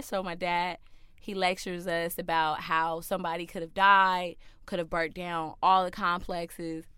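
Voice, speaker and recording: A young woman telling a personal childhood story, animated and acting out the voices of family members in loud, high quotes. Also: moderate pace, smooth, no echo, studio quality. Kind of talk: personal story told to a listener.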